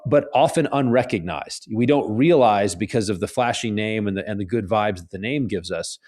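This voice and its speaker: A fairly low-pitched man speaks as a guest author in a conversational interview. He argues earnestly and with animation, and he often stumbles and restarts his sentences. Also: darkish tone.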